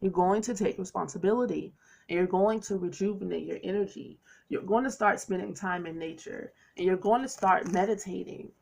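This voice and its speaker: A woman's voice: medium pitch, fairly quick, vocal fry, darkish tone. A woman giving a tarot reading to her viewers, talking in a chatty, playful way with preachy asides. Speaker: tarot reader. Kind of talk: casual tarot reading monologue.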